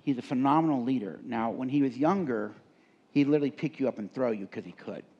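This workshop speaker, a middle-aged man, talks fast in a medium-pitched, slightly rough voice, and the sound is lo-fi. He is addressing a live leadership seminar, chatting with the audience through stories and questions.

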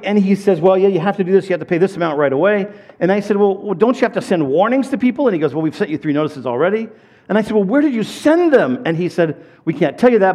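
A man's voice: high-pitched, a little mellow. A middle-aged man preaching a sermon as a pastor, telling stories in a conversational way and repeating words as he builds up. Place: church.

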